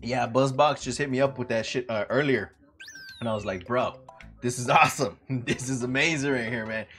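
A young man streaming a retro game, chatting casually, swearing a lot and breaking into loud outbursts, saying he is sleepy. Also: mid-range voice, moderate pace, soft background music. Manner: profane, rowdy, loud outbursts and laughing.

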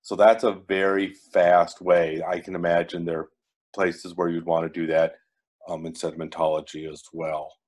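A man presenting in an online workshop over a video call, giving a brisk explanatory overview with frequent fillers. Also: deep voice, flat delivery, darkish tone.

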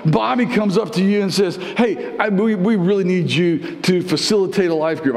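A male pastor giving a conversational live sermon, repeating phrases and climbing in pitch to press his points. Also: moderate pace, hardly any pauses, darkish tone. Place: church sanctuary. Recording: roomy church with long reverb.

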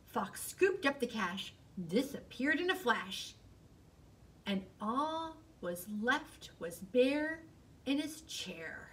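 A woman librarian reading a picture book aloud to children in an expressive, sing-song storytelling voice. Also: on the high side, slow, recorded from a distance. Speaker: school librarian.

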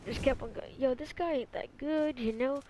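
A woman's voice: high-pitched, moderate pace, a crowd in the background. A young woman giving casual gameplay commentary, slangy and stammering as she teases her opponents. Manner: slangy, stammering, mock-trash-talking opponents. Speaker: gamer.

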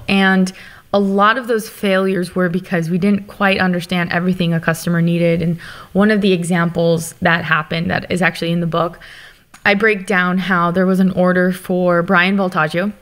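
A woman speaking as a guest founder, telling candid business stories in an animated, open way. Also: on the low side. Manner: animated, open, quick to laugh. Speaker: guest, company founder and author. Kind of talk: candid conversational storytelling.

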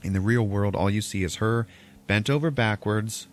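A man's voice: fairly low pitch, moderate pace. A man casually retelling a film's plot on a podcast, loose and profane, acting out characters' lines as he goes. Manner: profane, rambling retelling with acted-out quotes. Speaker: podcast host recapping a film. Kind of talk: casual movie recap chat.

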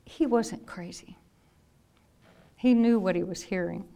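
A woman in her fifties, a nurse telling lively anecdotes in a talk and acting out the people she quotes. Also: medium pitch, unhurried, vocal fry. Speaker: nurse and speaker. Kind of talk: storytelling talk.

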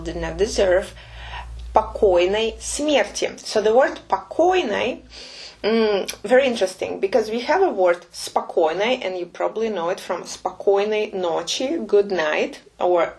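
A woman runs a relaxed language lesson. She explains patiently and slowly repeats phrases, at an ordinary middle pitch. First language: Russian. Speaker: Russian teacher.

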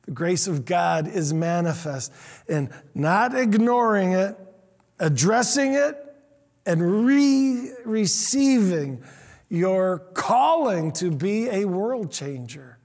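A man preaching a sermon as pastor, earnest, repeating himself and swinging between loud and hushed lines. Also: high voice, animated, takes it slowly, long reverb tail. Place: church sanctuary.

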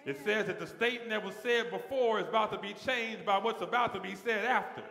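A man's voice: high voice, brisk, gravelly, fairly bright tone, roomy sound, in a large hall. A man preaching as the pastor of a church, building his sermon with repeated phrases that swell in intensity. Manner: preaching with rising call-and-response intensity. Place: large church sanctuary.

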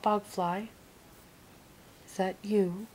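A woman voicing a massive, slow-witted male ogre who sounds perplexed and forgetful, as whispered role-play. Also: mid-range voice, little pitch movement, a little mellow, slight background noise.

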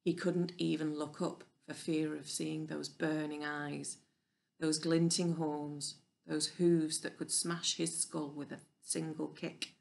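Low, gravelly woman reading a story. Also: flat delivery, takes it slowly. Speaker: audiobook reader. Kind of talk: storybook narration.

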